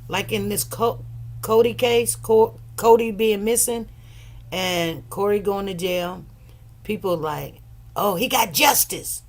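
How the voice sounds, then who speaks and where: A woman's voice: mid-range voice, a little mellow. A woman hosting a livestream, talking casually and emotionally to her viewers in a rambling, conversational way. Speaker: livestream host.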